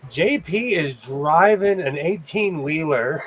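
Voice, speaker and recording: A man from California chats casually as host of a home sewing stream. He talks quickly and loosely, with a slightly high voice. The stream audio carries a clear hiss of background noise. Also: animated, a bit bright, low-quality recording. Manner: quick, chatty talk. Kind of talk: casual livestream chat.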